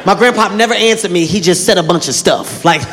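A male stand-up comedian telling stories in a loud, playful and profane way on a club stage. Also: sits high, brisk. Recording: live comedy club, crowd and noise, reverb.

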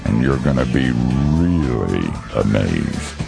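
A man hosting a talk show, thanking his guest with a slow joking manner. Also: very deep voice, animated, vocal fry, over music.

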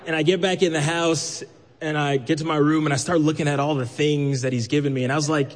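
A man from Brooklyn telling a personal story live, lively and acting out the voices he quotes. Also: a little high, brisk, a little hiss or hum. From New York, Brooklyn. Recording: long hall reverb.

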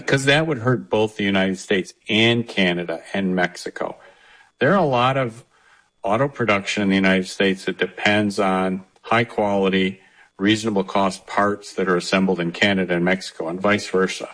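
Deep-voiced man explaining economics. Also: fairly bright tone, low-quality recording. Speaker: economist guest. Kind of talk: interview answer.

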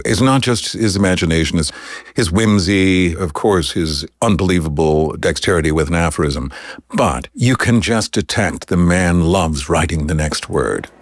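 Brief: deep-voiced male actor, eager and articulate, dry close sound. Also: no echo. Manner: enthusiastic, articulate. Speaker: actor interviewed backstage. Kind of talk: interview.

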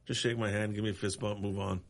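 A man co-hosting a sports radio show, giving blunt, quick opinions. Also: lowish voice, little pitch movement. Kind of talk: casual sports talk.

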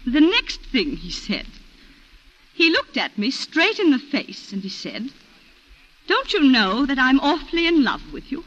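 A genteel wife in a vintage radio play, her voice high, bright and swinging widely as she tells her story with refined, breathless emotion. The broadcast sounds dull and lo-fi. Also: very animated, a little slow, exaggerated voice. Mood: strained, ashamed. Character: genteel planter's wife confessing a shooting. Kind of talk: 1940s radio acting.

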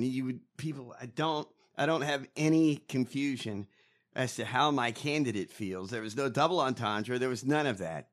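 A man co-hosting a casual political chat, profane and mocking, breaking into loud rants. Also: medium pitch. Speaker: podcast co-host.

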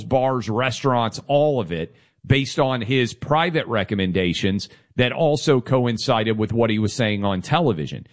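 Male talk radio co-host, mid-range voice, emphatic and steady argumentative read. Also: medium pitch. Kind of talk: political talk radio commentary.

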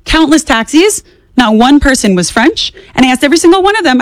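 A young woman in her twenties, a guest on talk radio, talking at a rapid clip. She sounds animated and opinionated, with her voice a bit high. The sound is dry and close. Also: no room sound. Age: 20s. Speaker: guest commentator. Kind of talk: casual political talk radio.

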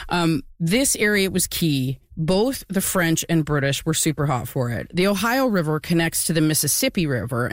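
A woman's voice: deep voice, no room sound, studio quality. A woman co-hosting a casual history podcast, explaining events with a few fillers. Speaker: podcast co-host.

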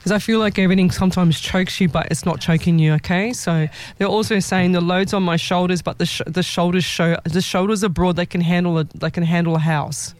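A woman's voice: fairly low pitch, steady tone, a little fast, hardly any pauses, a little mellow. Rambling woman giving psychic readings. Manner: rambling, self-correcting, laughs often. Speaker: psychic medium. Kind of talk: live psychic reading on a show.

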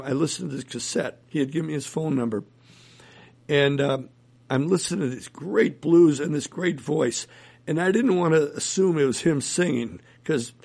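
A man's voice: fairly high pitch, creaky, a little mellow, slightly rough. A man, a musician guest in an interview, telling rambling anecdotes and chuckling often. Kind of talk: casual interview storytelling.

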